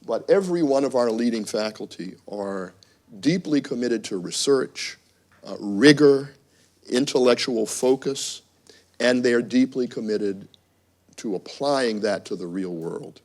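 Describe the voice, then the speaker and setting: A man's voice: mid-range voice, a little slow. Man telling a wry story as dean. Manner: storytelling, wry asides, animated quotes. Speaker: university dean. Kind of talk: symposium speech with anecdotes. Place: conference room.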